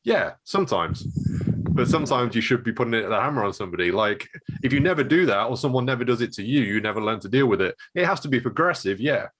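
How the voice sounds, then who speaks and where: A man's voice: mid-range voice, expressive, fast talker, a bit bright, slightly rough. A man who runs a martial arts gym, thinking aloud in a hesitant way during a casual chat.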